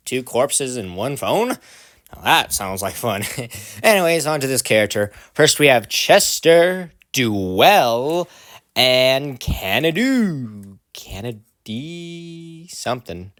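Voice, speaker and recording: A man's voice: on the high side, fairly bright tone, dry recording, clean studio sound. A young man giving casual, jokey fan commentary, rambling and interrupting himself as he goes. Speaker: video creator.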